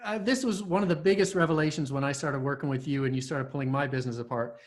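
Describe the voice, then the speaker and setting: Guy hosting a chat, lots of uh and um, kinda stop-start. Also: fairly high pitch. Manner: halting, many fillers and restarts. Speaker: host. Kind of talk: casual interview chat.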